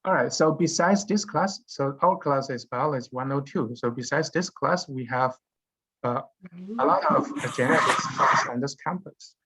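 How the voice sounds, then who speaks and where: A man lecturing a university genetics class, halting with many fillers and restarts. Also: medium pitch, sharp tone, husky. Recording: dull lo-fi lecture recording.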